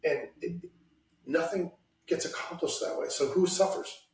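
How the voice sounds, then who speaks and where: A man's voice: fairly high pitch, unhurried, distant mic. A man hosting a casual podcast, speaking bluntly about politics and swearing freely. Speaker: podcast host. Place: home room, lives in Washington state. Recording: roomy echo, somewhat off-mic.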